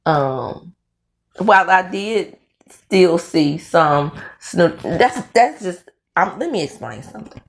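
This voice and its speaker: A woman's voice: fairly low pitch, slow pace, vocal fry. A middle-aged woman from the US South with a Southern accent, chatting in a casual commentary vlog, talking through dental aligners, with lots of fillers and restarts. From Mississippi, US South. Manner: animated storytelling with frequent fillers and restarts. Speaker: commentary vlogger.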